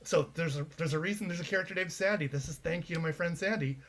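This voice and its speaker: Canadian-born guy chatting about his play, lots of restarts, fairly high voice. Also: quick pace, fairly bright tone. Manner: chatty, anecdotal, frequent restarts. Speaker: playwright being interviewed. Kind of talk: casual interview chat.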